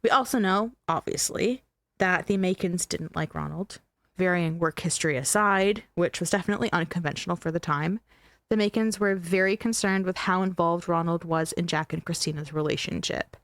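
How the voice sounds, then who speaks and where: A woman's voice: on the low side, normal speed, no room sound. Woman host, chatty and emphatic, telling true crime on a dry close mic. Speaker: podcast host. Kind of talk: casual true-crime storytelling.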